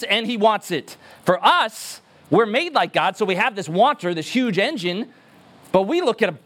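A man's voice: high voice, a bit bright. A man preaching a sermon as pastor, emphatic and earnest, repeating words for stress.

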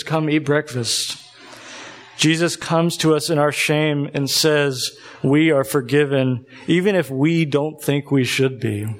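A man preaching a sermon, earnest and emotional, reading scripture aloud and pausing now and then to collect himself. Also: on the high side.

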